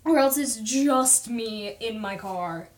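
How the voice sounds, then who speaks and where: A young woman with a slightly high voice chats loosely through a painting livestream. She talks through each step, reads viewer comments aloud and teases herself in a relaxed, self-deprecating way. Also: takes it slowly. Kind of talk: casual livestream chat while painting.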